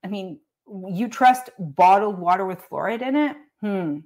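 A woman's voice: mid-range voice, lively intonation, measured pace, a little mellow. A woman giving blunt, sarcastic, profane commentary in a casual rant. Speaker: online commentator.

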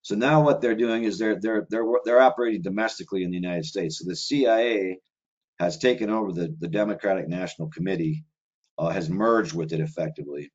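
A man with a very low voice talks at length in a loose, conversational way. He strings thoughts together with fillers and restarts. The recording sounds slightly dull and lo-fi. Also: a little fast, darkish tone, slightly rough. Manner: rambling, run-on delivery with many filler words. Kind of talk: casual conversational monologue.

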